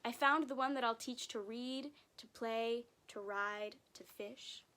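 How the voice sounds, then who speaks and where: A woman reading a storybook aloud voices a king, a man musing quietly to himself. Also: fairly high pitch, a little slow. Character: disappointed then loving storybook king, man.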